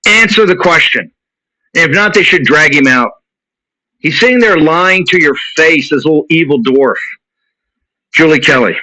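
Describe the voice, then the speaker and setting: Pitched on the high side, this show host sounds animated, bright, and forceful, speaking at a moderate pace with frequent pauses. He rants heatedly, repeating himself to drive points home, on a dull lo-fi recording without echo.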